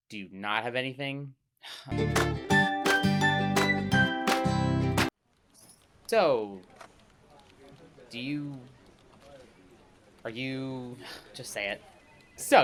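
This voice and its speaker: A man performing a comedic pitch-meeting sketch, trading quick lines between two characters. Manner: rapid, animated back-and-forth between two characters.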